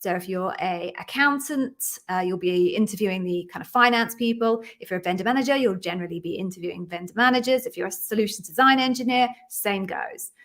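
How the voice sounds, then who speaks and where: A middle-aged woman from London hosting a live stream, chatting warmly with viewers and greeting each by name before explaining her work as an interview coach. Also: medium pitch, brisk, few pauses. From London, England.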